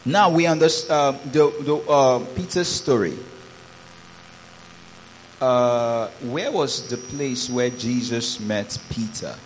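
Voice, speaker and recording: A pastor with a mid-range voice preaches a sermon slowly, reading scripture aloud and calling out praises with rising exclamations. The recording is rough, with a little hiss or hum.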